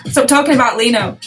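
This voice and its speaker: A British woman hosting a casual chat with her viewers, chatty and quick to laugh at herself. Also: sits high, low-quality recording. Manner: chatty, laughs often, self-deprecating. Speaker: reaction channel host.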